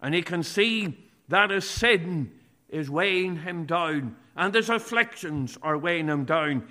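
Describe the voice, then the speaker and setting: A man preaching a sermon, speaking deliberately and reading scripture passages aloud. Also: a little high, expressive, sharp tone.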